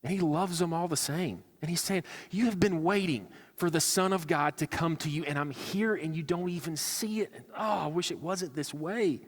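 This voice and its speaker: A man's voice: fairly high pitch, normal speed, hardly any pauses. A male pastor preaching a sermon, earnest and conversational, slipping into acted-out asides. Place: church sanctuary. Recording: church hall with long reverb.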